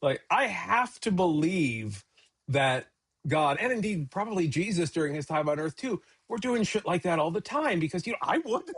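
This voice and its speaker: A man, a pastor co-hosting a casual Bible discussion, talking in an animated, joking way and acting out quotes in a raised voice. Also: fairly high pitch, normal speed, breathy edge. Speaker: pastor and podcast co-host.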